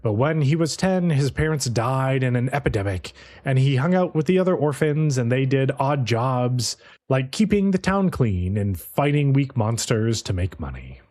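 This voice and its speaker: Male podcast co-host, lively swooping delivery, casual profane recap. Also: medium pitch, normal speed. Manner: animated, profane storyteller, playfully mimics characters.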